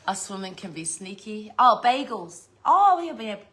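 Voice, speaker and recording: A woman's voice: mid-range voice, big pitch swings, moderate pace, pushed and bright. A middle-aged woman chatting casually as a vlogger, swearing freely and laughing often. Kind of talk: casual unboxing chat.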